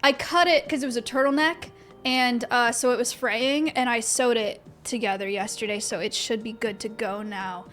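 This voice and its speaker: Her voice is a little high and a bit bright, with fairly even intonation and a normal speed. She's a young woman streaming from her home office, chatting loosely with her chat, often restarting sentences and using fillers.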